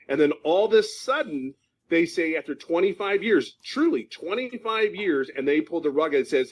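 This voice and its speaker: A man's voice: a little high, expressive, normal speed, low-quality recording. Fired-up guy in his 50s from philly, testimonial, keeps hammering his point. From Philadelphia, USA. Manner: intense, emphatic, repeats himself for stress. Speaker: program member giving a testimonial. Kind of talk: passionate testimonial. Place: at home in California.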